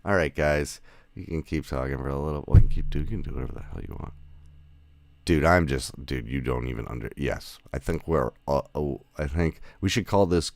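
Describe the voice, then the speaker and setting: Very deep gravelly-voiced man chatting. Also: fairly quick, dry recording. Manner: rambling, self-correcting, laughs often. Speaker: podcast host. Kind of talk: casual chat with remote guests.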